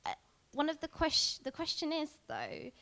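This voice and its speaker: A woman's voice: high voice, huge pitch swings, moderate pace, pushed and bright. A woman interviewing a guest at a convention, asking her questions with plenty of hesitant fillers.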